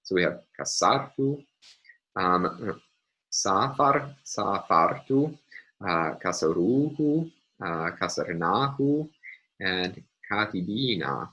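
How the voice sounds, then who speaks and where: A man's voice: sits low, lively intonation, takes it slowly, sharp tone, muffled recording. A man lecturing step by step in a recorded university class, methodical and hesitant, with frequent ums and uhs.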